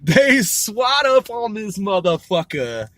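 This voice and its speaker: Man podcasting from a moving car, high bright voice, rambling, swearing, correcting himself. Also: sing-song, slow pace, dry recording. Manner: profane, rambling, self-correcting. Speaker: podcast host. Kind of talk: casual rant while driving. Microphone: mobile recording.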